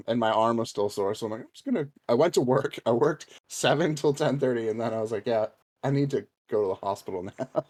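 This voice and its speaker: A man's voice: medium pitch, animated, fairly quick, a little mellow. A man chatting on a podcast, spinning a long story at an easy pace. He swears freely and keeps breaking into laughter while he talks. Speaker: podcast co-host. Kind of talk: casual storytelling chat.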